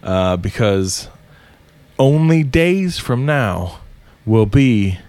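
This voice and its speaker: A man co-hosting a podcast, opening the show and making deadpan, mock-serious jokes in casual chat. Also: medium pitch, extremely slow, no echo. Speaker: podcast co-host.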